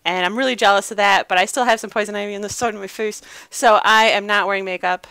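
A woman's voice: mid-range voice, fairly even intonation, fast, pushed and bright, dry recording. A woman co-hosting a gaming podcast, chatty and self-deprecating. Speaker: podcast co-host. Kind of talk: casual podcast chat.

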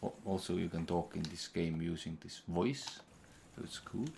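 A man's voice: low voice, normal speed, vocal fry, a little hiss or hum. A man casually commenting on a game as he plays, thinking aloud and muttering to himself. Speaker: gaming channel host. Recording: loud keyboard typing and clicks.

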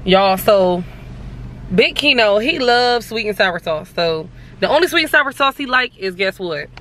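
A woman's voice: medium pitch, animated, unhurried. A woman vlogger chatting casually and joking, talking straight to her viewers. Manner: loud, joking, addresses viewers as y'all. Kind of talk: casual vlog chat. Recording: echoey with loud background noise.

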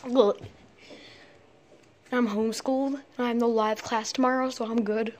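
A woman's voice: fairly high pitch, steady tone, moderate pace, a little hiss or hum. A scared, jumpy woman rambling and swearing nonstop as she films in her bedroom at night on a handheld phone. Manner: jittery, swears constantly, rambles nervously. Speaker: vlogger. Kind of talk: casual rambling phone vlog.

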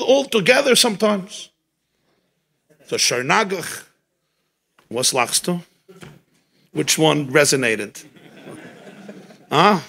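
A man's voice with a gravelly edge and a bright, forceful tone, sitting a little high for a man. He speaks as a rabbi at a farbrengen, animated and storytelling, weaving Yiddish and Hebrew words into his English. He sounds like he is talking to a room of listeners at a home gathering. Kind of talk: farbrengen talk.

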